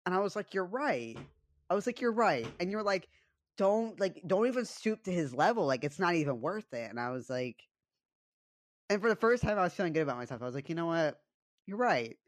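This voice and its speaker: Young male podcast co-host, high pitch, animated storyteller, dry close mic. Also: a little fast, no room sound. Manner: animated storytelling, swearing, laughing often. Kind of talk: casual chat.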